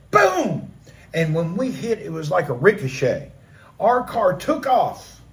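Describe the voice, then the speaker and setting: A middle-aged man tells a story on his own live stream, his voice sitting noticeably high for a man. He narrates in an animated way and punches up the action with vocal sound effects. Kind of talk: dramatic personal storytelling.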